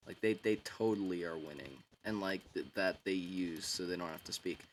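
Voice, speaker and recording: A man with a fairly low voice recaps a story in a loose, rambling way. He leans on filler words and slang and keeps an irreverent, offhand tone. A faint hiss sits in the background. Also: normal speed. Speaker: book summarizer. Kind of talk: casual rambling retelling.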